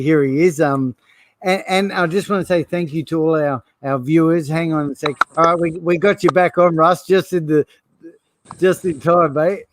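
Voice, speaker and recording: A man's voice: a little high, a little hiss or hum. A man hosting a live online interview, friendly and encouraging. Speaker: host.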